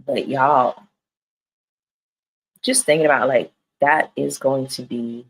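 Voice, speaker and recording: A woman's voice: very deep voice, fairly even intonation, slow, long pauses, low-quality recording. A woman reviewing reality TV on a live stream, talking straight to her viewers in a candid, slangy and profane way. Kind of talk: casual live-stream chat.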